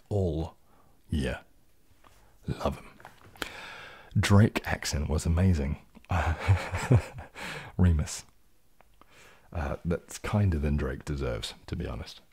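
Deep, husky New man. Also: darkish tone. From New Zealand. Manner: reads viewer comments aloud and answers them in a low, laid-back way. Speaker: ASMR streamer. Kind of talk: casual live-stream chat, soft-spoken.

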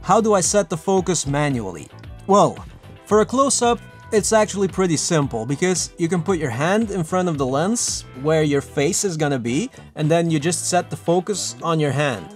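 A man giving casual, lively filmmaking tips to camera, chatty and self-mocking. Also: a little high, normal speed, soft background music. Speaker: filmmaking vlogger. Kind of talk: casual tutorial talk to camera.

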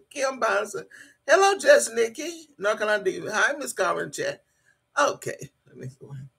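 A woman's voice: on the high side, big pitch swings, unhurried, vocal fry, pauses often, breathy edge. A woman in her sixties hosting a casual live stream, chatting loosely, laughing and teasing her viewers. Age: 60s. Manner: loud, laughing, teasing commentary; chatty, colloquial, swears freely. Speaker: livestream host reading chat.

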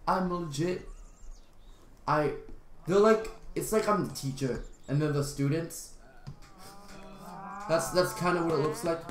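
A man's voice: on the high side, measured pace, long pauses. A young man giving rambling, jokey gameplay commentary and talking back to the characters on screen. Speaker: gaming channel host. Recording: roomy echo.

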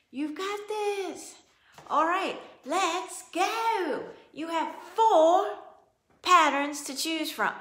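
High, lively-voiced cheerful music teacher woman. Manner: cheerful, sings out cheers and counts beats aloud. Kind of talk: upbeat classroom rhythm lesson. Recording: roomy, with instrument playing.

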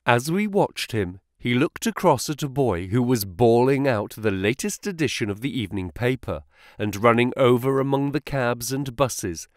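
A man's voice: mid-range voice, expressive, normal speed, darkish tone, no room sound, clean studio sound. A man reading a classic detective story aloud as narrator, voicing each character. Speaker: audiobook narrator.

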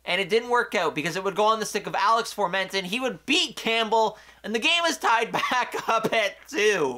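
A young man recapping a hockey game on his own channel, talking in an animated way that swings from excited outbursts to quiet asides. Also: high-pitched, moderate pace, hardly any pauses. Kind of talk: solo game recap commentary.

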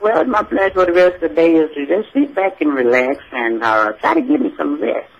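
A man's voice: on the high side, very animated, a little fast, creaky, breathy edge, dull audio, exaggerated voice. A man doing a gushing old church grandma. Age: older. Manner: effusive, preachy, exclaims Lord and Jesus. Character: churchy old Southern grandmother who calls everyone sugar. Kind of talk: comic call-in character bit.

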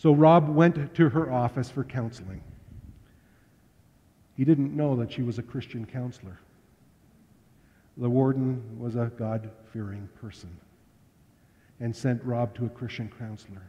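A man preaching a sermon, telling stories in a relaxed, conversational way. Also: mid-range voice, a little slow, long pauses. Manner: conversational, anecdotal storyteller. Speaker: pastor. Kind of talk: storytelling sermon. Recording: dull lo-fi sound with long hall reverb.

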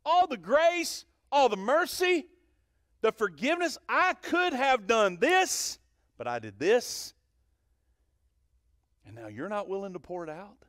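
A man voicing a king who angrily scolds an unforgiving servant, loud and exasperated. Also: very high voice, big pitch swings, slow pace, long pauses, no echo, studio quality, pitched above the performer's own voice, exaggerated voice.

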